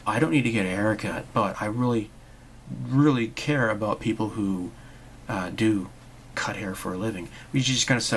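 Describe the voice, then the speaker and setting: A man with a low, gravelly voice rants sarcastically in his own vlog. He rambles and restarts often, stacking mockery on mockery. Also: moderate pace, a bit bright, slight background noise, poor audio. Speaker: channel host. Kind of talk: opinionated monologue vlog.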